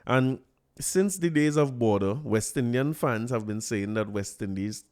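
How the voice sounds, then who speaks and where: A man's voice: mid-range voice, measured pace, a little mellow. Trinidadian male podcast host in his forties, mid-range voice, loose chatty storyteller who laughs easily. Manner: chatty, anecdotal, laughs often, dialect turns of phrase. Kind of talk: casual solo podcast talk.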